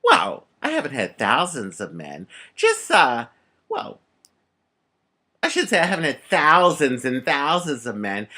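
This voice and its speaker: Lively middle-aged woman telling a story. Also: very deep voice. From United States. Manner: animated, laughs often, acts out the people in the story. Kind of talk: casual storytelling.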